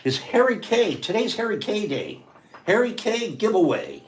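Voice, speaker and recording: A chatty male livestream host with a fairly high voice that swings up and down a lot. He talks viewers through each step in a casual, running commentary and reads their guesses aloud as they come in. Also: wildly swooping pitch, normal speed, noisy background. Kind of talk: casual livestream chat and how-to.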